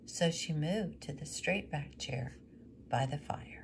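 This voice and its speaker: Lady reading a kids book aloud, slow and gentle, low-ish voice. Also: slight background noise. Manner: slow, gentle, dropping to near whisper. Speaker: storyteller.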